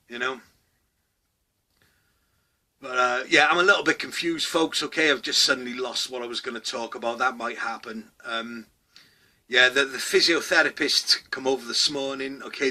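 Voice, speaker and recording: A middle-aged man hosting a comedy vlog, ranting loudly, swearing a lot and tagging his lines with "okay?". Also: mid-range voice, fairly even intonation, moderate pace, long pauses. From Wales. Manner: loud, sweary, rambling, with constant "okay?" asides. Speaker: vlog host. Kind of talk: satirical comedy rant.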